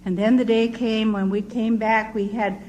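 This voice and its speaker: A woman's voice: a little high, level tone, normal speed, darkish tone, dull audio, slight background noise. An older woman, a missionary, telling her testimony as a vivid story. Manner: vivid storyteller who acts out quoted voices.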